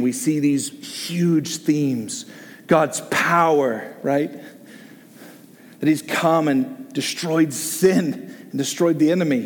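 A middle-aged man, a pastor leading a group discussion, preaching in an animated, joking way. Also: fairly high pitch, in a large hall. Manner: excitable, exclaims and jokes, reads listener comments aloud.

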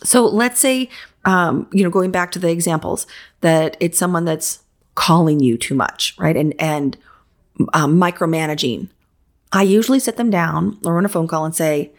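Frank, slightly low-voiced woman coach. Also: animated, normal speed. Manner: frank, conversational, emphatic. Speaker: interior design business coach. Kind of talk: casual podcast advice.

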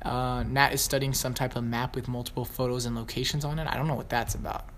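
A man reading a text aloud and breaking off into picky, animated rants, with casual swearing. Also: mid-range voice, quick pace, a little hiss or hum. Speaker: co-host reading a trailer breakdown. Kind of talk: casual podcast chat, reading aloud with commentary.

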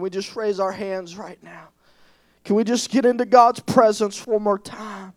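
A man preaching an impassioned sermon in a church, rising to shouts and tearful pleading. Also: sits high, fairly even intonation, a little slow, no echo. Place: church sanctuary.

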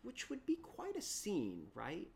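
A preacher telling a story in a sermon, repeating words as they restart sentences and swinging from loud bursts down to hushed whispers. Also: medium pitch, wildly swooping pitch, measured pace, gravelly. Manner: frequent repeated word restarts.

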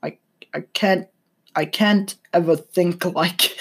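A young man rambling casually at his computer, hesitant, with dry deadpan humor. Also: sits high, slow, slightly rough. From Sweden. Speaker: vlogger. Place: at a computer desk. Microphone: computer mic.

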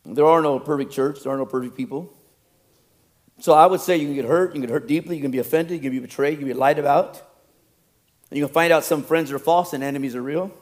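A man's voice: fairly high pitch, fast, darkish tone. A man preaching a sermon as a pastor, telling stories with laughter and acting out other people's voices.

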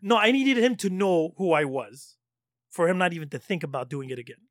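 High-voiced man telling animated stories. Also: a little fast, no room sound, clean studio sound. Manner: animated storyteller who laughs often and swears. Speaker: storytelling guest. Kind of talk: casual chat.

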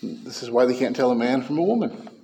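A man preaching a sermon as pastor, fervent and emphatic, dropping to hushed lines and rising to loud peaks. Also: mid-range voice, lively intonation, brisk, gravelly, a little hiss or hum.

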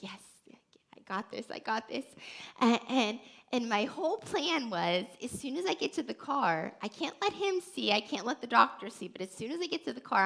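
Brief: female podcast host giving faith teaching, earnest and animated, bright tone with a fry edge. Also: mid-range voice. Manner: earnest, animated storytelling with many restarts.

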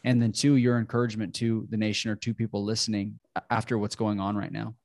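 A man's voice: lowish voice, little pitch movement, quick pace, darkish tone, slight background noise. A man hosting a podcast, talkative and affirming as he responds to his guest and asks questions. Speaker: podcast host. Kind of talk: casual interview conversation.

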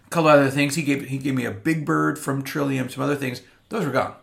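A man's voice: mid-range voice, steady tone, fast talker, vocal fry. A man co-hosting a casual beer podcast who tells rambling stories and swears easily. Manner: rambling storyteller with restarts. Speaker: podcast co-host. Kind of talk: casual beer-tasting chat.

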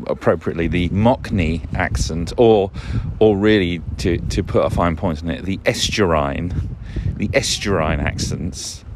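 A man hosting a casual solo podcast, rambling and wry, often breaking off and restarting his sentences. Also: sits low. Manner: rambling, self-interrupting, wry. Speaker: podcast host. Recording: noisy background.

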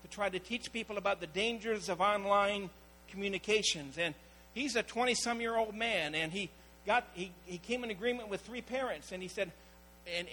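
A man preaches a sermon, his voice pitched very high and bright. He tells stories and acts out the people in them. A faint electrical hum sits under the recording. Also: low-quality recording. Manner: storytelling preacher, acting out quoted voices. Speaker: pastor.

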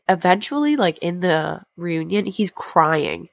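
A woman's voice: on the low side, animated, measured pace, gravelly, hardly any pauses, no echo. A young woman co-hosting a podcast, retelling a story in a rambling, casual way, full of fillers and swearing. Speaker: podcast co-host. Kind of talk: casual chat. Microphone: remote recording.

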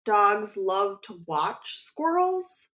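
A woman's voice: medium pitch, sing-song, drawn-out words, fairly bright tone. A woman chatting casually as co-host, jumping in with playful jokes and reactions. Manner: playful, jokey interjections with big laughs. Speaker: podcast co-host. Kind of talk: casual chat.

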